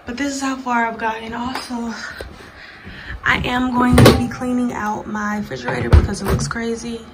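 A woman's voice: a little high, little pitch movement, moderate pace, over loud music. A young woman vlogging casually from her bedroom, talking straight to her viewers in a slangy, chatty way. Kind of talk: casual chat to camera.

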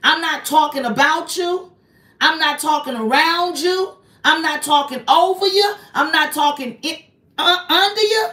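A woman's voice: high voice, a little slow, sharp tone. A woman hosting a confrontational live stream, hammering one person with repeated accusing rhetorical questions and calling on God. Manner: preachy, invokes God. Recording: roomy echo, voice distant from the mic.

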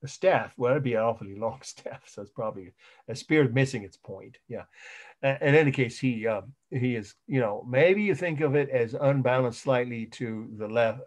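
A middle-aged man teaching an art history class at an ordinary pitch. He rambles, corrects himself mid-sentence and spells out new terms letter by letter for his students. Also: moderate pace. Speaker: college art history lecturer. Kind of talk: recorded online lecture.

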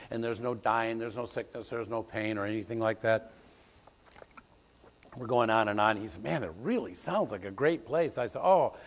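An older man, a pastor, preaching a sermon, telling stories and breaking into loud snippets of old songs. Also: mid-range voice. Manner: storytelling, animated, bursts into loud sung song snippets. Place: church sanctuary. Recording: long church hall reverb.

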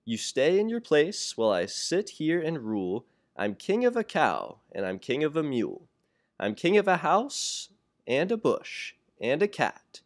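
A man's voice: fairly high pitch, wildly swooping pitch, a little slow, exaggerated voice. A young man voicing a boastful, pompous male turtle king who bellows his orders in a storybook reading. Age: young adult. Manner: bellowing, grandiose.

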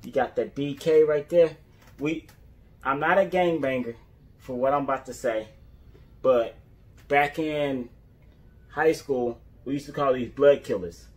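A young man in a casual vlog, reviewing sneakers for his viewers and bursting into whoops and drawn-out stresses. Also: mid-range voice.

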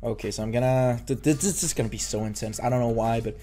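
A man's voice: mid-range voice, fast talker, hardly any pauses, mellow, faint music behind. A young man giving casual, nervous, rambling commentary over his own gameplay, often restarting his sentences. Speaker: gaming YouTuber.

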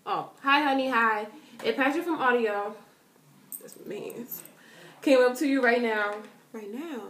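A woman chatting to camera in an animated way, answering viewer questions and calling her viewers girl. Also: on the high side, measured pace, roomy sound, slight background noise. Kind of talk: casual chat to camera.

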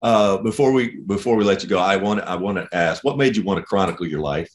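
Low-voiced male podcast host. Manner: halting, restarts his questions. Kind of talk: casual interview questions.

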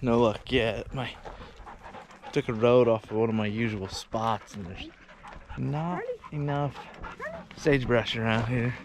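A man's voice: medium pitch, measured pace, pauses often. Easygoing man chatting outdoors. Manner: rambling and easygoing, chats to his dogs. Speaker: hunting channel host. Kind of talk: casual vlog narration. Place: open sagebrush grassland outdoors. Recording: noisy outdoor camera audio.

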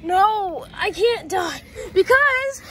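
A woman's voice: extremely high pitch, animated, drawn-out words, a little hiss or hum, heavily acted. A woman voicing a jittery male purple pirate fox in a game role-play, whiny, exasperated and out of breath. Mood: panicked.

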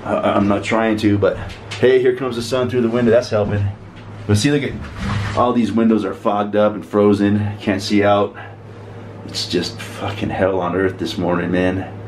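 A man's voice: fairly low pitch, level tone, normal speed. A middle-aged man with the flu and a sore throat, rambling and complaining in a profane casual monologue to camera. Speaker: vlogger. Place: cold room with frozen windows. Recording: roomy echo with faint noise.

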